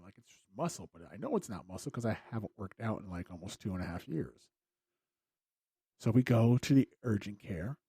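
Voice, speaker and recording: A man's voice: fairly low pitch, a little mellow, husky, no echo. A man hosting a podcast, telling a personal story in a casual, rambling way with wry, self-deprecating humor. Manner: rambling, with frequent fillers and restarts. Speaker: podcast host.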